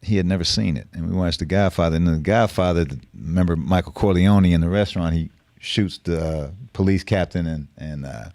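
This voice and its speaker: Man, middle-aged, very deep voice, blunt and profane street talk, close dry sound. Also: fairly quick, few pauses, darkish tone, dry recording. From San Francisco Bay Area. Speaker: guest. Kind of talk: casual storytelling interview.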